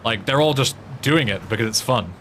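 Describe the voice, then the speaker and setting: A man's voice: mid-range voice, expressive, fairly quick, a bit bright, a little hiss or hum. An English man streaming a game, chatting casually in a rambling way with frequent swearing and restarts. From England. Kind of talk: casual chat while playing a game.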